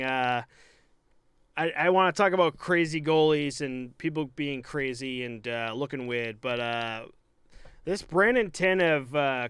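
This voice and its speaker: A young guy co-hosting a casual hockey podcast, talking loosely with plenty of fillers and cursing. His voice is clear and smooth, recorded dry and close with no room sound. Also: mid-range voice, a bit bright, no room sound. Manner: loose, profane, rambling with many fillers. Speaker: podcast co-host; hockey goalie.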